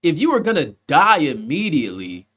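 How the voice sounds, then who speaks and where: A man's voice: fairly high pitch, wildly swooping pitch, moderate pace, a bit bright. Casual, profane male movie reviewer. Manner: rambling, profane, conversational, with frequent restarts.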